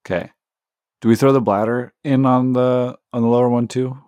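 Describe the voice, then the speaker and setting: A man's voice: medium pitch, fairly even intonation, moderate pace, mellow, no echo, muffled recording. A man co-hosting a podcast, asking curious questions in casual chat and laughing easily. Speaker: podcast co-host.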